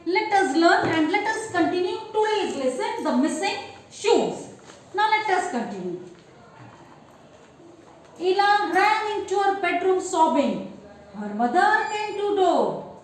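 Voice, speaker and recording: High-voiced Indian English woman teacher. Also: sing-song, takes it slowly. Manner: repetitive, asks the class questions. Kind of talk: classroom lesson. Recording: very echoey room, faint hiss.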